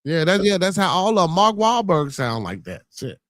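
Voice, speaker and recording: A man's voice: sits high, big pitch swings, normal speed, a bit bright, dry recording. A man with a Chicago accent hosting a podcast, chatting casually in a rambling, profane way and reading news stories aloud. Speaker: podcast host.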